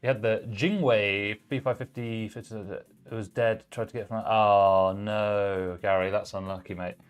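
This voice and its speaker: A man with a fairly low, clear, resonant voice hosts a live stream, building a PC while chatting casually with viewers at a measured pace. Relaxed and talkative, he reads chat messages aloud as he works, with faint music behind.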